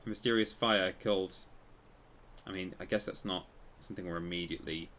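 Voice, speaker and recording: A man's voice: sits low, fairly even intonation, brisk, a bit bright, a little hiss or hum. A man casually commenting while he plays a game on a live stream, rambling and correcting himself as he tells stories. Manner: rambling, self-correcting storyteller.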